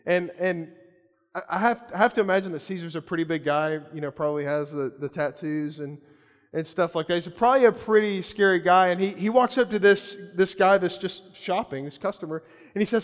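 A male pastor with a fairly high voice, preaching in a lively, conversational storytelling way. His words trail off in a long hall reverb. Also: fairly quick. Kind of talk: sermon.

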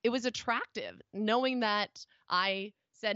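A woman in her thirties with a hoarse, raspy voice, chatting as a podcast guest with lots of fillers and restarts. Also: mid-range voice, animated, normal speed, fairly bright tone, no room sound. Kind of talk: casual interview chat. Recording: dry, slightly dull recording.

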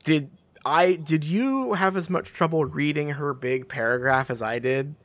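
A podcast co-host in casual book-discussion chat, rambling and animated, full of fillers. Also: mid-range voice, unhurried, no room sound. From England.

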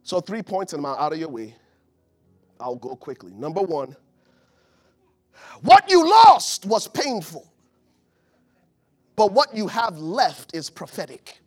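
A man preaching a sermon to his congregation, swinging from loud urgent peaks to low soft passages and calling out to the room. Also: lively intonation, normal speed. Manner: calls out to the congregation. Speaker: pastor. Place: church before a live congregation.

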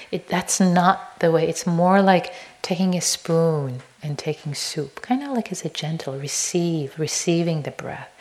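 Woman, meditation teacher, dharma talk, slow unhurried delivery, gentle, sometimes whispered, playful at times. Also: lowish voice.

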